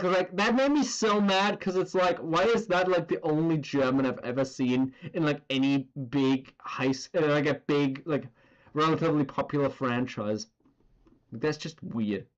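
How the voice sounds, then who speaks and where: A man's voice: fairly high pitch, measured pace, highs cut off. A man chatting casually on a drawing stream, rambling and swearing as he goes. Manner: rambling and profane, full of filler words.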